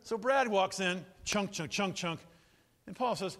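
An older man preaching a sermon in an animated, jokey way, often laughing and acting out quotes. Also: high-pitched, a little slow, big-room sound. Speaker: pastor.

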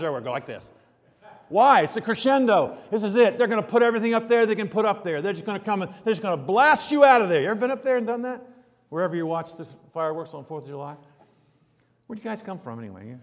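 Animated preacher in a reverberant hall. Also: male voice, on the high side. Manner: animated, swings from loud emphasis to quiet asides. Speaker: pastor. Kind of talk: sermon.

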